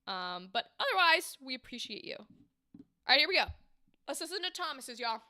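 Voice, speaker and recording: A woman's voice: high voice, sing-song, moderate pace, bright, forceful tone, no room sound, clean studio sound. A woman hosting a livestream, chatty and enthusiastic, giving voice acting feedback and acting out example lines. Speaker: livestream host and voice acting coach.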